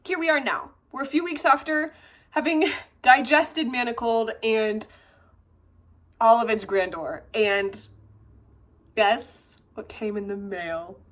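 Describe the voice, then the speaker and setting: A woman in her twenties chatting excitedly in a vlog, gushing and swearing as she unboxes books. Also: fairly high pitch, slow pace, long pauses. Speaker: vlogger. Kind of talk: casual chat and book unboxing.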